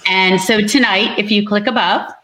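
A woman's voice: medium pitch, fairly even intonation, normal speed, bright, forceful tone, faint music behind. A woman author speaking expressively during a book event livestream, laughing often, heard over a video call.

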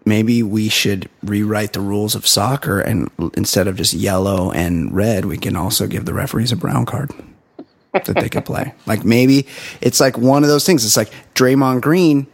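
A man co-hosting a comedy podcast, riffing in casual chat with deadpan jokes. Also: fairly low pitch, normal speed. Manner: joking, deadpan asides with laughs. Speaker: podcast co-host.

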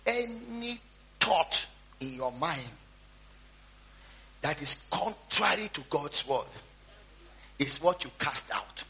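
A man preaching a storytelling sermon, swinging between quiet asides and loud shouts. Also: on the high side, animated, slow, gravelly, pauses often. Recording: dull lo-fi sound with faint hum.

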